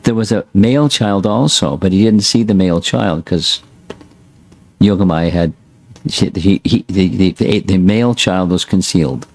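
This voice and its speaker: A man's voice: deep voice, normal speed, darkish tone. A man teaching a scripture class, reading a passage aloud and breaking in with short plain asides. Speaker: spiritual teacher.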